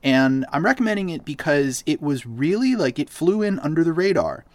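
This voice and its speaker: A man's voice: fairly high pitch, very animated, moderate pace, no echo. A man from Boston hosting a podcast in casual chat, recommending things enthusiastically with lots of fillers. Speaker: podcast host.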